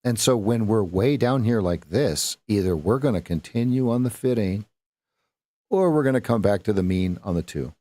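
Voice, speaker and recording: A fairly low-pitched man runs a live trading lesson, thinking out loud as he goes. He stops to correct himself and tosses in silly sound effects. The recording is dry and close, with no room sound. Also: expressive, normal speed, dry recording. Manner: rambling, self-correcting, with playful sound effects. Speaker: trading coach. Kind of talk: live-stream market commentary.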